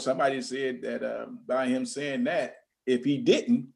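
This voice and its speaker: A man taking part in a Bible study discussion, speaking haltingly with many fillers and light chuckles. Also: mid-range voice, fairly even intonation, vocal fry, a little mellow.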